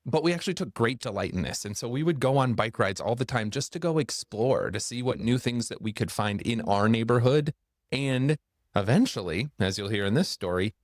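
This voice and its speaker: A man with a fairly low voice tells a personal story for a church series. He draws out some phrases and rushes others to build suspense. The sound is close and dry, with no room around it. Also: darkish tone, dry recording.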